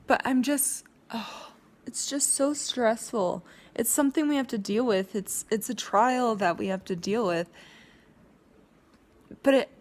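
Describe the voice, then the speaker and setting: A young woman vlogging an emotional rant to her viewers, rambling with many restarts and growing insistent. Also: on the high side.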